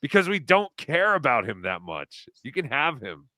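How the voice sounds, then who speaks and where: Bright-voiced man hosting a live stream. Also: medium pitch, moderate pace, no room sound, studio quality. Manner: rambling, animated, swears freely. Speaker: host. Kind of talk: casual live-stream chat, reading tips.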